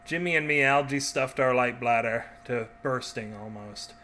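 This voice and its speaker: A man hosting a story podcast, trading wry jokes with his listeners before reading a short story aloud. His voice is bright and forceful, with a faint hum behind it. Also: medium pitch, normal speed. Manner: wry, joking asides.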